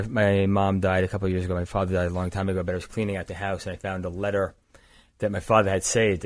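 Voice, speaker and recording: Sitting across an indoor table as a podcast guest, an older man from the U.S. East Coast who founded a climbing gear company tells his story steadily and plainly. His voice sits low. The recording is close and dry, with no room sound or echo.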